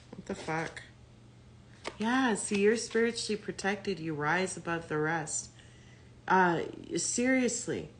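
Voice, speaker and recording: A woman's voice: on the low side, a little hiss or hum. Blunt, cursing woman reading tarot. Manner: blunt, profane, thinking aloud. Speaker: tarot reader. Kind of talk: casual tarot reading to camera.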